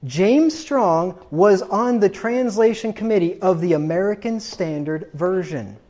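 A man's voice: high voice, animated, measured pace, a little mellow, muffled recording. A man preaching a sermon from the pulpit, emphatic and combative, often repeating himself for force. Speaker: pastor.

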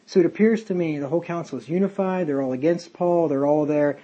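A man's voice: fairly high pitch, fast, warm tone, highs cut off. A man leading a casual Bible study, talking in a rambling, conversational way with many fillers and tangents. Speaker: Bible teacher.

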